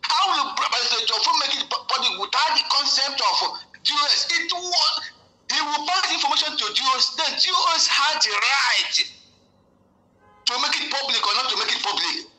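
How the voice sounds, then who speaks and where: A man's voice: very high voice, expressive, brisk, sharp tone, soft background music. A man, a guest giving heated political commentary, ranting with many repeats and restarts. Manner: ranting, repetitive, full of restarts. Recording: echoey room.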